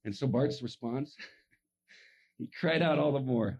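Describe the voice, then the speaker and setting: Husky animated man preaching a sermon. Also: medium pitch, slow. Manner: acts out voices in his stories, swings from hushed to shouting.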